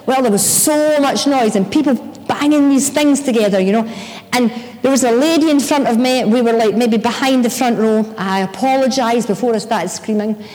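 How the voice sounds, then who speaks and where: A middle-aged woman preaching a sermon, telling personal stories in an animated way and acting out her own shouts. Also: fairly high pitch, normal speed, big-room sound, poor audio.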